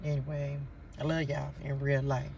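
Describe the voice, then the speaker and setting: A man telling a story to his viewers in a casual vlog, animated and repeatedly calling them y'all, recorded outdoors at a park on a phone. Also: mid-range voice, normal speed, creaky, recorded from a distance, slight background noise. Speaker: vlogger.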